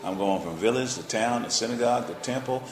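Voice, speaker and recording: A preacher retelling Jesus's words in a relaxed, everyday voice. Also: male voice, mid-range voice, brisk, a crowd in the background, lightly acted. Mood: easygoing. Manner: easygoing, conversational. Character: Jesus speaking casually to a would-be follower. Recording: roomy echo.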